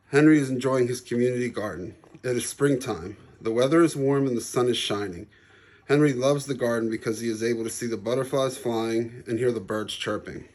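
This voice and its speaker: Man reading a children's story calmly. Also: medium pitch. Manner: calm, even storytelling. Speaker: author reading his book. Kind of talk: children's story read-aloud.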